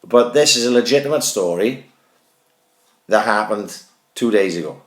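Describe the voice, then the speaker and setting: A man in his thirties with a low voice tells his podcast co-host a rambling, profane story. He speaks at a normal speed with frequent pauses, animated and conversational, peppering his casual storytelling with swearing and "right?" The recording sounds roomy and echoey.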